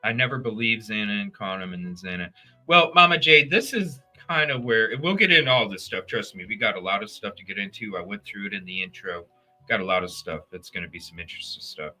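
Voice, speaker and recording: A man hosting a casual true crime livestream, talking straight to his chat viewers in an animated, profane, rambling way. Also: fairly low pitch, brisk, soft background music.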